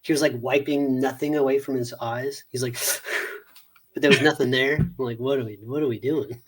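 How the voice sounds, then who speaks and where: A man co-hosting a casual movie review podcast, animated and profane, often laughing and acting out scenes. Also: mid-range voice, a little fast, husky. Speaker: podcast co-host.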